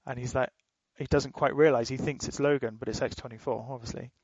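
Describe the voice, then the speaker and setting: A man's voice: medium pitch, steady tone, fairly quick, darkish tone, no echo, dull audio. A man co-hosting a podcast, rambling in casual chat, swearing freely and laughing as he retells things. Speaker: podcast co-host.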